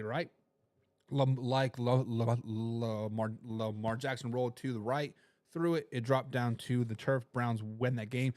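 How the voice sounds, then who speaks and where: A man hosting a casual sports talk show, rambling in an animated way, swinging between loud and low, and talking straight to his viewers. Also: no echo. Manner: addresses viewers directly.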